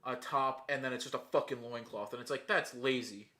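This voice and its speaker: A man's voice: mid-range voice, brisk, pushed and bright. A man co-hosting a podcast, tossing out blunt, sarcastic quips in crude banter. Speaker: podcast co-host.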